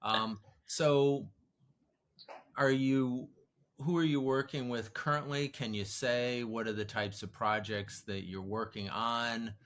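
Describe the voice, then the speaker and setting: A man's voice: medium pitch, steady tone, slow, a bit bright. A man from Illinois with a Chicago accent, hosting a podcast interview and asking easygoing, joking questions. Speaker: podcast host.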